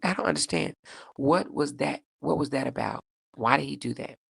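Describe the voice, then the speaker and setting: A woman hosting a casual livestream, reading viewer comments aloud in a sassy, animated way, laughing often and jumping up in pitch for emphasis. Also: moderate pace, gravelly, husky, no echo, studio quality. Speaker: livestream host.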